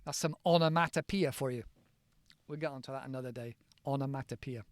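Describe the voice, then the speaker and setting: A man from the United Kingdom, teaching in a chatty, playful podcast lesson and slowly spelling words out letter by letter. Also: medium pitch, no room sound.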